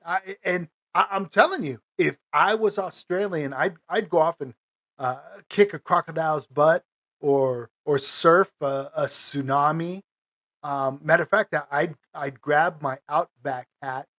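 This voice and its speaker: Talking on his own podcast, a man with a higher-leaning, fairly bright voice rambles casually. Fillers and restarts pile up, and he keeps chuckling softly between his phrases.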